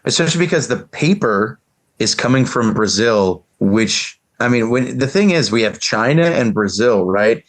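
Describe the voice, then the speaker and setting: A man's voice: mid-range voice, animated, moderate pace. A man co-hosting a casual discussion, arguing his point emphatically. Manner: emphatic, argumentative. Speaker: podcast co-host.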